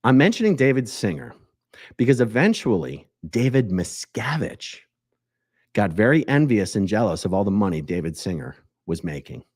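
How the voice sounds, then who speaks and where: A man hosting a commentary video in an animated, joking way. His voice is fairly low, but his pitch rises and falls widely as he wanders off on tangents. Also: normal speed, no room sound, clean studio sound. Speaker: host.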